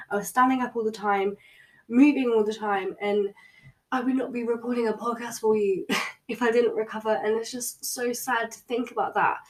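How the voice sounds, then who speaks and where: A woman's voice: mid-range voice, recorded from a distance. A young woman, chatting candidly and informally on her solo podcast from her bed, with many fillers. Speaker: podcast host. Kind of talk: personal solo podcast chat. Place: in her bedroom.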